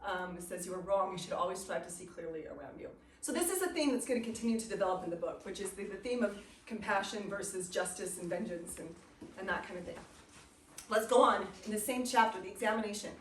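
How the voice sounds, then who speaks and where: A woman's voice: mid-range voice, lively intonation, quick pace. A woman teaching a literature class, chatty, often laughing and reading passages aloud. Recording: echoey classroom from far off, faint noise.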